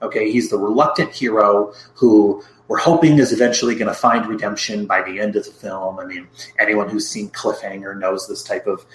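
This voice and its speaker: A man's voice: lowish voice, steady tone, fairly quick, few pauses, fairly bright tone, roomy sound, a little hiss or hum, rough recording. A man co-hosting a podcast, recapping a film plot in casual chat with lots of asides. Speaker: podcast co-host.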